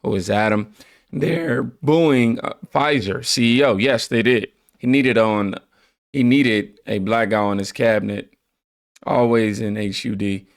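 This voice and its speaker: A man's voice: medium pitch, a little slow, no echo, clean studio sound. A man hosting a reaction channel, laid-back, reading viewer comments aloud and riffing on them.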